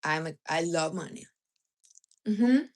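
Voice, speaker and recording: A woman hosts a casual livestream in a fairly low, darkish voice, animated but slow. She's blunt and teasing, giving advice in non-native grammar.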